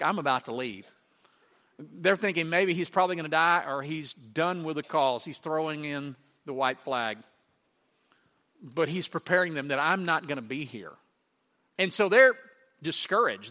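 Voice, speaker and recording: Animated male pastor preaching in a hall. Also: high-pitched. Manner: animated, rising to emphatic rhetorical questions. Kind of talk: sermon.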